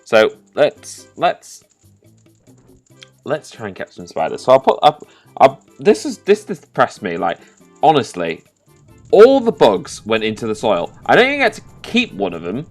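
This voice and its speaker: A man giving casual, sweary commentary over a video game, bursting into loud, excited outbursts. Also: mid-range voice, a little slow, soft background music. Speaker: gaming commentator. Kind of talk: post-play game commentary.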